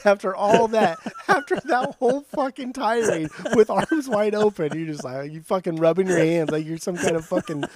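A man co-hosting a casual music podcast, ranting in a profane, animated way. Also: high-pitched, moderate pace, hardly any pauses, a crowd in the background. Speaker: podcast co-host.

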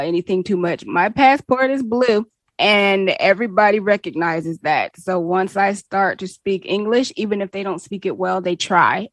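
A woman's voice: medium pitch, dry recording. A young adult woman, a guest in a casual interview, talking in a bubbly way and laughing often.

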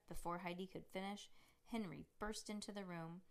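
A woman's voice: lowish voice, fairly even intonation, moderate pace, creaky, clean tone. Woman reading a bedtime story. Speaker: podcast host and reader. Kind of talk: reading a children's book aloud.

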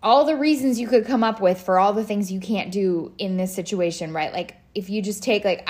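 A woman's voice: mid-range voice, normal speed, few pauses, darkish tone. A woman in her thirties hosting a podcast, chatting casually with lots of fillers and restarts. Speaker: podcast host. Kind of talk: casual solo podcast talk.

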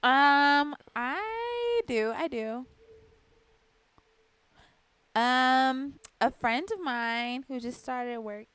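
A woman co-hosting a podcast, chatting casually with a bright voice that sits a little high. Her tone moves up and down a lot, and she drops in laughing asides. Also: lively intonation, extremely slow, clean tone, dry recording. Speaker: podcast co-host. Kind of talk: casual chat.

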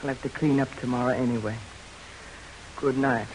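A woman's voice: a bass voice, fairly even intonation, moderate pace, a little mellow, slight background noise, poor audio. A fierce frontier widow mother. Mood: determined. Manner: blunt, threatening and commanding. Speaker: radio drama actor. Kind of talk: 1940s radio acting.

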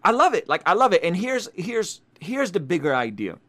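A man's voice: high-pitched, big pitch swings, normal speed, a bit bright. A young man giving casual video commentary as a Christian commentator, emphatic, repeating himself and often asking "right?".

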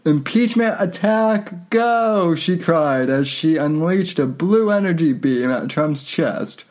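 A man hosting a podcast reads satire aloud as casual commentary, often breaking into laughter. His voice is fairly high, unhurried, and a little mellow, and his loose, irreverent delivery is full of fillers and restarts.

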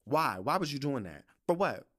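A young man holds the mic alone, venting in a casual, heavily profane monologue. His pitch leaps up and drops low constantly as he tells the story, and he sits mid-range overall. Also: big pitch swings, normal speed, fairly bright tone. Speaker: podcast host.

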